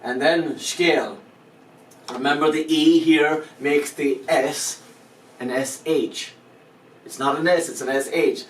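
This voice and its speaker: A male language teacher explains pronunciation step by step, patient and lightly joking, in a spoken lesson. His voice is fairly high with fairly even intonation and a slow pace. The mic is at a distance, giving a roomy echo with faint background noise.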